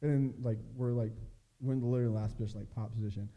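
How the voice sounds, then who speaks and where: Racing along in a mellow, medium-pitched voice with fairly even intonation, a young adult film performer guests on a casual chat podcast. His story comes out relaxed and loose, heavy on fillers and curse words.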